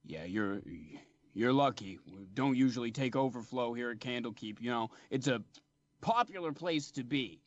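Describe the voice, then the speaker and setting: A man playing a gruff male gatekeeper who is grudging but dutiful, speaking in a subdued way. The recording sounds dull and dry. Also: normal speed, no echo, natural voice. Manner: gruff, grudging, low-key.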